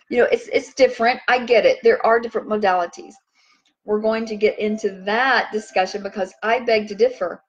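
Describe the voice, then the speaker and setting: A woman hosting a casual spiritual talk, chatty and rambling, who turns animated when she acts out what others say. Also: medium pitch, brisk, lo-fi sound. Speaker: host.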